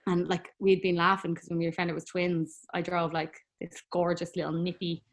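A woman's voice: fairly low pitch, flat delivery, normal speed. Chatty young Irish woman telling a story. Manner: chatty, laughs often, lots of "like" fillers. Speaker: guest. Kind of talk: casual storytelling interview.

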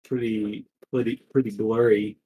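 A man's voice: lowish voice, little pitch movement, unhurried, warm tone, poor audio. A man hosting a live stream, chatting in a laid-back way with easy laughs. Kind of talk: casual chat.

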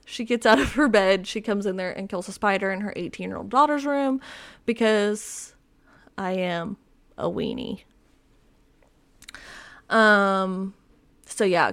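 A woman's voice: mid-range voice, a bit bright. A woman in her twenties hosting a podcast alone, rambling and self-deprecating with many fillers. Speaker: podcast host. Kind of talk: casual solo chat.

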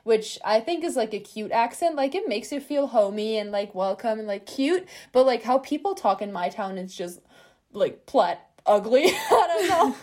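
A young German woman, German her first language, speaks English with a German accent in a relaxed podcast chat. Her voice sits a little high, and her tone is teasing and self-mocking, with frequent laughter. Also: normal speed. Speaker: podcast guest. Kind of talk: casual chat.

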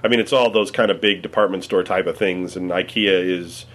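A man from the Cleveland area, chatting casually in a rambling, halting way full of fillers and restarts. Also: low-pitched, steady tone. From Cleveland area, United States. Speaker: conversation partner. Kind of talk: casual chat.

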